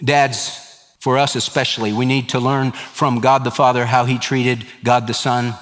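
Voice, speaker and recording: A man's voice: mid-range voice, flat delivery, normal speed, a bit bright. A middle-aged male pastor preaching a sermon in an earnest, emphatic way, often working through numbered points. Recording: hall reverb.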